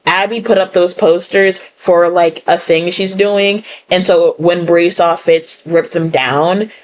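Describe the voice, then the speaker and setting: A young woman giving a casual, animated book reaction, ranting in exasperation and filling her talk with "like" and "right?". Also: fairly low pitch, slow pace. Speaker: book reviewer. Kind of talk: casual reading-reaction rant.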